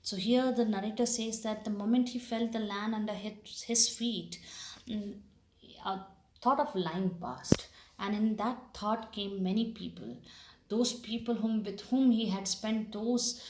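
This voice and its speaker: A woman teaching a class. She reads a story aloud and patiently explains its words, pausing with fillers. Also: medium pitch, fairly even intonation, a little mellow. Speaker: English teacher. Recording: echoey room.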